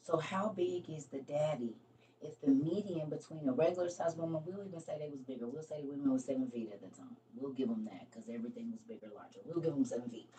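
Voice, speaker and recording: A woman's voice: rumbling low, quick pace, mellow, far from the mic, a little hiss or hum. A woman hosting a live stream, casually reading scripture aloud and talking it over with her viewers, laughing at her own slips.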